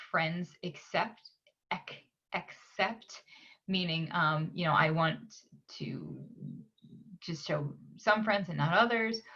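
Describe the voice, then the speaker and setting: A woman with a slightly low voice walks through a computer tutorial at a very slow, patient pace. She pauses often with "um" as she clicks around. The sound is a little dull and lo-fi. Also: fairly bright tone. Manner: unhurried, frequent "um" pauses while clicking. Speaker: library staff tutor. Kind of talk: screen-share software tutorial.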